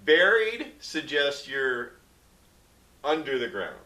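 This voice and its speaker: A man's voice: mid-range voice, very animated, slow pace. Man rambling in an echoey room. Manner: rambling, thinks out loud. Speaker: film review podcast co-host. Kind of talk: casual chat. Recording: echoey room, distant mic.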